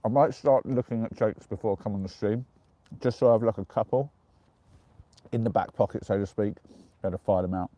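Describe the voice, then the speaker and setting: An English man chatting casually on a live stream from the dark woods at night, giggling as he reads out viewer jokes. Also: lowish voice, brisk, long pauses, dry recording, lo-fi sound. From England.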